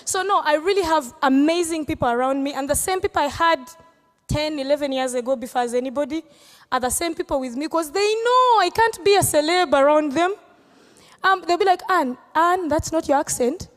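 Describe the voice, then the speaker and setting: A woman's voice: high-pitched, fairly quick, big-room sound. A Ugandan woman comedian answering audience questions on stage, playful and teasing, laughing often. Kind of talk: live Q&A on stage.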